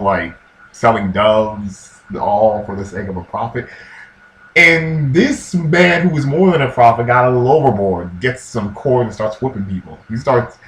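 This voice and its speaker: A man giving casual religious commentary in a slangy, animated way, acting out quotes in different voices. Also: medium pitch. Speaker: vlogger. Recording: echoey room with faint ambience.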